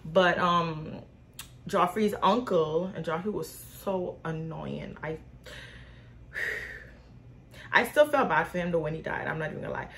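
A woman's voice: deep voice, a little slow, vocal fry, pauses often, fairly bright tone. A young woman in her twenties chatting casually to viewers in a question-and-answer vlog, rambling with lots of fillers and slang, recorded on a phone. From Haitian/Bahamian. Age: 20s. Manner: informal slang, speaks to viewers as y'all. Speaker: vlogger. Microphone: phone camera.

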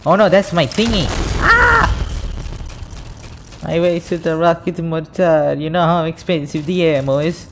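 A man giving live commentary over his own gameplay, excitable, joking and raging at the game. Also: on the high side, slow, creaky, long pauses, noisy background. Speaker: gaming channel host.

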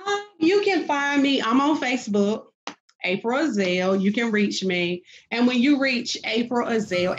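Brief: middle-aged woman minister, fervent guest, mid pitch, faint music under. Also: a little slow, lo-fi sound. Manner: fervent, emphatic, dialect grammar, many um fillers. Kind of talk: preaching-style interview talk.

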